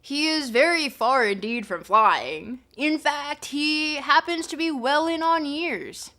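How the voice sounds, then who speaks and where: A woman's voice: high voice, lively intonation, slow, pushed and bright, pitched above the performer's own voice, heavily acted. A woman voicing a self-assured ancient Greek male seer in a laid-back surfer drawl, read live. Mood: breezy. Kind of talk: live reading of a dialogue.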